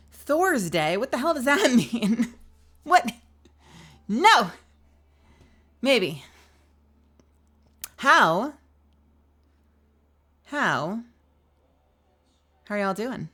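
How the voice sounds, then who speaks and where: A woman's voice: a little high, very animated, drawn-out words, long pauses, bright, forceful tone. A woman livestreamer chatting casually and playfully with her viewers, greeting people and joking around.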